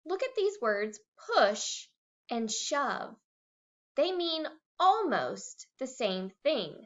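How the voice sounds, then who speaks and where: Teacher, woman, high lively voice, slow and clear, dull lo-fi recording. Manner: animated, acts out words. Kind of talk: recorded reading lesson for young children.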